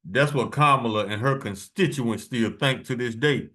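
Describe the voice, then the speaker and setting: A man's voice: mid-range voice, a bit bright. Blunt man reading scripture aloud. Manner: blunt and profane, slow deliberate verse reading. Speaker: preacher.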